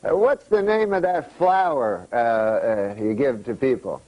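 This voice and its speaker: A man voicing a forgetful old uncle in a told joke, slow and halting as he searches for words. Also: mid-range voice, lively intonation, highs cut off, voice pushed down, close to an everyday voice. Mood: muddled.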